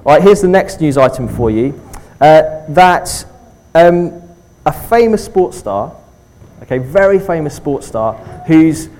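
A man's voice: on the high side, animated, measured pace, darkish tone, poor audio. A man leading an informal all-age church talk, friendly and chatty, often checking in with "okay" and talking with children.

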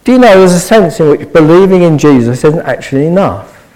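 A man's voice: a little high, expressive, a little fast, a little mellow, low-quality recording. A man preaching a sermon, earnest and pressing his listeners with eager rhetorical questions.

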